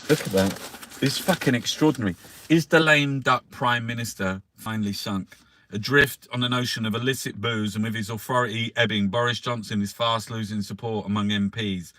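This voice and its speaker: A man hosting a casual newspaper review. He swears constantly, rambles with lots of restarts and fillers, and reads headlines out louder. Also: brisk, no room sound. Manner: louder and higher when reading headlines. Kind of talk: casual live-stream chat, reading headlines aloud.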